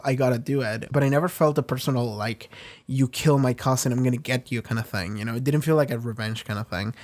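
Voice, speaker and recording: A man's voice: medium pitch, a little mellow. A man hosting a reaction video, rambling candidly through an episode review, with casual swearing and frequent restarts.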